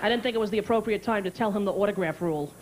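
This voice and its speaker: A woman's voice: mid-range voice, rapid-fire. A woman doing a brash stand-up comedy routine on stage, telling stories and slipping into character voices. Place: comedy stage with live audience. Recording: live crowd and noise.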